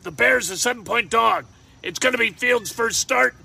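A man runs through his weekly betting picks, joking and rambling and even talking to himself. His voice sits high and has a gravelly rasp. It comes across bright and edgy. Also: normal speed. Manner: jokey, rambling, talks to himself. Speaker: sports betting picks host. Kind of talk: casual picks monologue.

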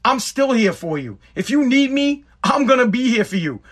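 A man's voice: extremely high pitch, sing-song, normal speed, fairly bright tone. A middle-aged man telling a personal story in a rambling, emphatic way, full of swearing. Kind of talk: casual storytelling monologue.

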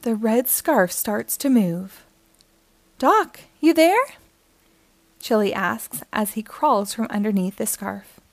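A woman reading a children's picture book aloud in clear, steady storytelling narration. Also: mid-range voice, measured pace, hardly any pauses, no room sound. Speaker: storybook reader.

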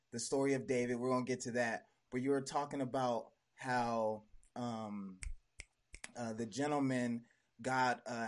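Laid-back slangy man hosting. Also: medium pitch. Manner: laid-back, slangy, hesitant with many fillers. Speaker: podcast host. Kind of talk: casual chat.

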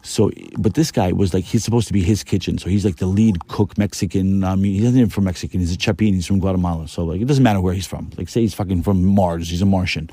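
Male podcast host, casual storyteller: low, mellow voice, profane and rambling, dry close sound. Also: quick pace, hardly any pauses, dry recording.

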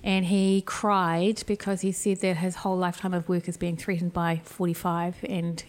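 A woman with a New Zealand accent telling travel stories in a lively, chatty way on a podcast. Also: lowish voice. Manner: lively, chatty storyteller, quick and laughing. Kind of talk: casual chat.

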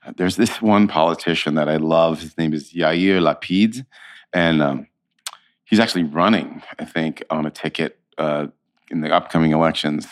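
A man being interviewed, telling stories in a casual, animated way with plenty of restarts. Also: a bass voice, moderate pace. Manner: animated storyteller, slips into quoted voices. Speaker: actor, interview guest.

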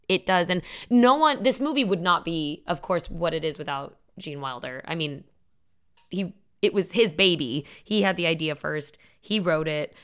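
A woman co-hosts a podcast, chatting casually and retelling stories with quoted lines and lots of laughter. Her voice sits low yet has a fairly bright, clear, resonant tone.

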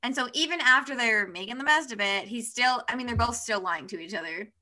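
A woman's voice: on the high side, a little fast, bright, forceful tone. A woman co-hosting a casual book podcast, recapping the plot and quoting characters. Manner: recaps the plot, acting out lines in quotes. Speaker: podcast co-host.

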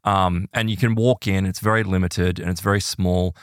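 A man with a fairly low voice retells a story in casual podcast chat. He talks in an animated, rambling way, leaning on fillers. The sound is dry and close, with no room echo. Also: normal speed, clean tone. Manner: animated, filler-heavy retelling with many "like"s and "right?"s.

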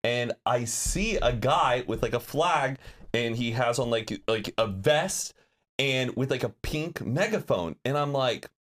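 A man's voice: mid-range voice, animated, measured pace, a bit bright. A man in his thirties, a podcast co-host, telling a story in casual chat with lots of acted-out quotes. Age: 30s.

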